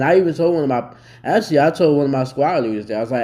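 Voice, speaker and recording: A young man talks straight to camera in a casual commentary, blunt and swearing freely as he gets worked up. His voice sits in a middle pitch with a dark, mellow tone. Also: animated, racing, few pauses. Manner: blunt, heavily profane, worked up. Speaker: vlogger reacting to a news story.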